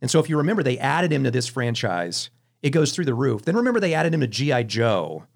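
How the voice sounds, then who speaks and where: A fast-talking man with a medium-pitched voice hosts a film podcast. He tells animated anecdotes in a casual, chatty style, restarting his sentences often.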